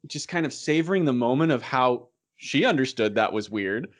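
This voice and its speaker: A man's voice: mid-range voice, expressive, normal speed. A man co-hosting a podcast, reacting enthusiastically and gushing in casual chat. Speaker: podcast co-host. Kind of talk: casual anime discussion chat.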